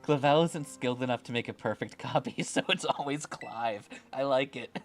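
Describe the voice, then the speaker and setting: A man's voice: mid-range voice, moderate pace, soft background music. A man streaming a video game, chatting casually with sarcastic asides and frequent opinions from a desk microphone at home. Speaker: streamer, VTuber. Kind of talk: let's-play commentary.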